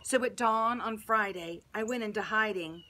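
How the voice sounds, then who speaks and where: A Sunday school teacher reading a children's bible story aloud in first person, dramatic with hushed and loud turns. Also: female voice, mid-range voice, moderate pace, slight background noise.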